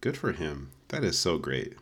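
Very deep-voiced man, lively tone. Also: moderate pace, husky. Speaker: podcast co-host. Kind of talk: casual chat.

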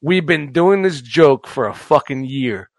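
A man's voice: on the high side, animated, measured pace, dry recording. A man hosting a podcast in casual banter, playful, teasing and profane. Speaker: podcast host.

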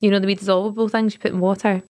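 A Scottish woman co-hosting a podcast, telling stories in an animated, chatty way. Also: medium pitch, racing. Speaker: podcast co-host. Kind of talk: casual chat.

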